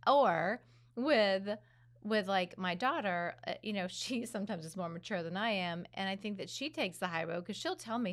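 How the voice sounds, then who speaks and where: A middle-aged woman talks casually as co-host, with a medium-pitched voice. She is chatty and pokes fun at herself, and she laughs easily between thoughts. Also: lively intonation, moderate pace, fairly bright tone. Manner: self-deprecating, chatty, laughs often. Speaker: podcast co-host, daughter-in-law. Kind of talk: casual conversation.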